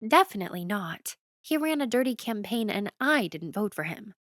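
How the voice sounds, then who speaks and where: A woman's voice: mid-range voice, very animated, normal speed, fairly bright tone, no echo, studio quality. A woman voicing an outspoken, snarky young heroine in an audiobook, speaking bluntly. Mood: frank. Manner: blunt and frank.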